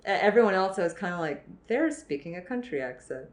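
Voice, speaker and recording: A woman's voice: lowish voice, fairly quick, reverberant. A woman from the American South co-hosting a podcast, chatting casually about movies with frequent laughter. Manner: laughs often, animated asides. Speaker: podcast co-host. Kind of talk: casual film discussion.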